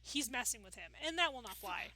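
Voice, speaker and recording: High bright giggly woman. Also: expressive, a little fast, slight background noise, poor audio. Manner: giggly, chatty, swears casually. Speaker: anime reaction host. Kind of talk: casual episode reaction chat.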